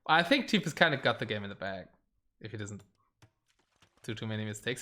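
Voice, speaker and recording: Casual stream caster, animated delivery, reacts live; desk mic, typing behind. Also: medium pitch, a little fast, pauses often. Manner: chatty, thinks aloud, reacts to live play. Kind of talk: live game commentary.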